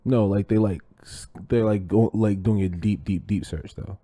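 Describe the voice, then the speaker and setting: A man's voice: fairly low pitch, steady tone, moderate pace, mellow. A man co-hosting a casual podcast, rambling and goofy, swearing now and then. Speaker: podcast co-host. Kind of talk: casual chat.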